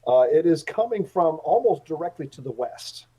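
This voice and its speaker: A man narrating as game master of a tabletop game, talking haltingly with many fillers. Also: a little high, very animated, mellow, breathy edge, low-quality recording.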